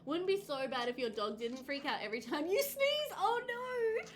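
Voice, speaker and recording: A woman streaming a game live, chatting with her viewers, reading their comments aloud and reacting with bright exclamations. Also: high-pitched, expressive, fast talker. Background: game music.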